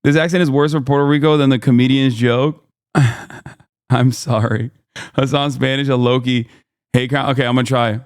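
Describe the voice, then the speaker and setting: A man's voice: medium pitch, steady tone, moderate pace, smooth, no room sound, studio quality. A man hosting a live reaction stream, casual, joking and sarcastic, and talking back to his chat. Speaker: streamer host.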